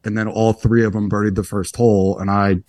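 A young man with a low voice speaks fairly quickly as a guest golfer in a casual interview. He's relaxed and rambling, often poking fun at himself. The recording is close and dry, without any room echo.

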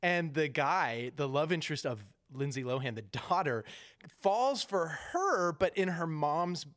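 A podcast co-host chatting casually about movies, animated and quick to act out scenes, saying "like" a lot. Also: medium pitch. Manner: animated, acts out scenes in quoted voices; heavy use of "like".

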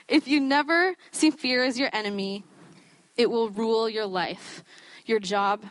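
A woman's voice: fairly high pitch, normal speed, a bit bright, no echo. A young woman giving a sermon in a chatty, self-deprecating way, often breaking into laughter. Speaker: student preacher.

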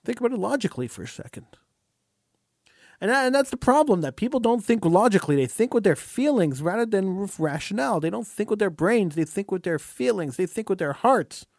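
A man's voice: high-pitched, sing-song, fairly quick, vocal fry, darkish tone, no echo, clean studio sound. A man hosting a talk radio show, delivering an impassioned commentary monologue and often repeating words as he starts a phrase.

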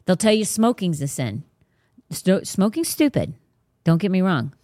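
A woman's voice: on the low side, sing-song, unhurried, warm tone, no room sound, studio quality. Blunt, emphatic woman podcast host. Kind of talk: casual faith talk.

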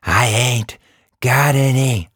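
A streetwise sewer mouse, played by a man, talking rough and slangy. He drawls his words low and slow. The sound is close and dry. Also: fairly bright tone, dry recording. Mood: gruff. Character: scruffy male sewer mouse, gruff and cowardly.

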